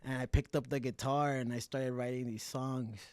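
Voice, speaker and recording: A young man talks openly about his past as a podcast guest, in a voice of middling pitch. He swears freely, switches between English and mid-sentence, and keeps his telling lively. The sound is dry and close, with no room around it. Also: moderate pace, clear, resonant tone, no room sound. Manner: mixes English and Spanish, swears freely, animated. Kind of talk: casual candid storytelling.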